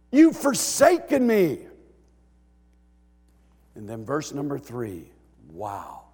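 A man preaching a sermon as a pastor, swinging from quiet talk to loud bellowing as he acts out a psalm writer's cries. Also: medium pitch, long reverb tail.

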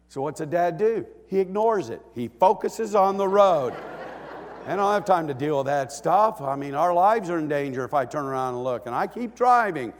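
A middle-aged man preaching a sermon, animated and emotional, swinging from hushed lines to shouts with joking asides. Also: high-pitched, normal speed. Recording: echoey church hall.

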